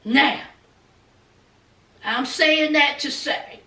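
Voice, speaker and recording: A very high, bright voice from a woman recapping reality TV in an unhurried, sassy way. She talks like she's gossiping with her viewers and keeps calling them honey. The sound is roomy and echoey, with the mic set back from her. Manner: sassy, dramatic, calls viewers honey and y'all. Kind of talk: casual commentary to viewers. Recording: echoey room, mic at a distance.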